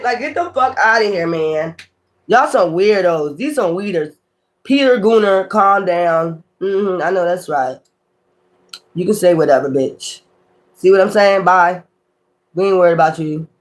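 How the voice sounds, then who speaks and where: A man reading tarot on his own channel, talking off the cuff in a profane, confrontational rant that waves off his critics as weirdos. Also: high voice. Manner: profane, confrontational, repeats taunts; dismissive, calls critics weirdos. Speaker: tarot reader.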